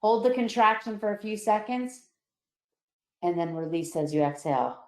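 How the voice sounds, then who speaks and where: Calm woman psychologist leading guided relaxation, mid-pitched, gentle coaching, roomy recording. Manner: calm, slow, coaching tone that softens on each release. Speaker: psychologist presenter. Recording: roomy echo.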